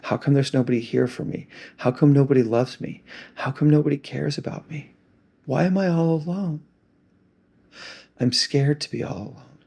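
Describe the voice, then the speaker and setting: A man's voice: a little high, moderate pace, vocal fry, dark tone, husky, pitched above the performer's own voice. A man voicing a scared, lonely, heartbroken young child who asks plaintive, pleading questions.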